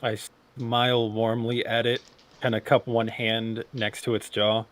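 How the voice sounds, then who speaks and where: A man playing a tabletop game, calmly describing his character's actions with some fillers. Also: medium pitch, unhurried, a little hiss or hum. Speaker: player.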